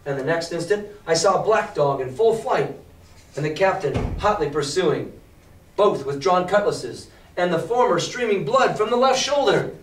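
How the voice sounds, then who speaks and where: A male teacher reading a novel aloud to a class and explaining it in a lively, emphatic way. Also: sits high, normal speed, a little hiss or hum. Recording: echoey classroom from far off.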